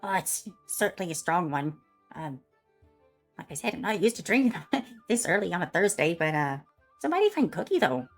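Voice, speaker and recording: A woman's voice: on the low side, sing-song, moderate pace, faint music behind, pitched above the performer's own voice. Karen, a woman doing a prim Midwestern gossip. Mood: coyly tempted. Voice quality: chirpy, prim and chattering. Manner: rambling gossip with folksy exclamations. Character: entitled gossiping middle-aged Midwestern woman barbarian. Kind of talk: tabletop role-play.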